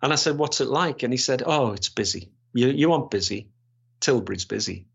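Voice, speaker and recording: A man's voice: medium pitch, animated, fairly quick, gravelly, husky. Older man, rambling recollections. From Gateshead, England. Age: 60s. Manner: rambling, many restarts and fillers. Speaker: retired police inspector. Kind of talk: storytelling interview. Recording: slightly dull, lo-fi sound.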